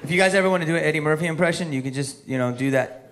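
A man's voice: a little high, steady tone, rapid-fire. A male stand-up comedian doing a sarcastic routine, tossing joking asides to the crowd.

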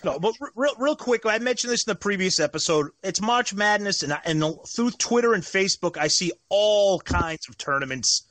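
High-voiced, lively male podcast co-host. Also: normal speed, few pauses, no room sound. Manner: giggly, apologetic banter. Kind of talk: casual chat.

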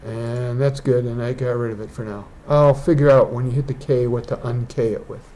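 A man's voice: medium pitch, fairly even intonation, moderate pace, dark tone. A man who is a digital artist, rambling and thinking aloud as he walks through a casual painting tutorial indoors. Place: indoors, rain outside.

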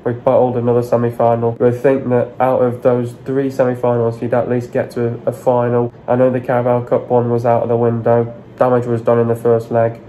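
A man's voice: medium pitch, completely flat delivery, fairly quick, hardly any pauses, warm tone, a little hiss or hum, rough recording. A man giving a frustrated match analysis on his vlog, blunt, sweary and repeating his complaints. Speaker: football fan vlogger.

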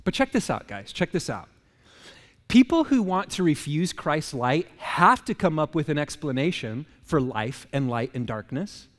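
A man with a high voice preaches in a church sanctuary, his words trailing off into a long hall reverb. He keeps it loose and conversational, joking with the congregation and firing rhetorical questions at them. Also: big pitch swings, normal speed. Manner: casual, joking, asks the crowd rhetorical questions. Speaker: pastor. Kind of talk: conversational sermon.

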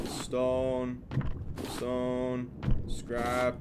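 Slow-muttering young man playing a game. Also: on the low side, steady tone. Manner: mumbled slow muttering to himself, loud taunting outbursts. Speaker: gamer streamer. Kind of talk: casual let's-play commentary. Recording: loud clicking and game noise behind. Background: game sounds and mouse clicks.

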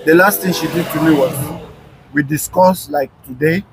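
A man being interviewed, telling a personal story in a casual, animated way with frequent restarts. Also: fairly high pitch, normal speed, faint music behind, rough recording.

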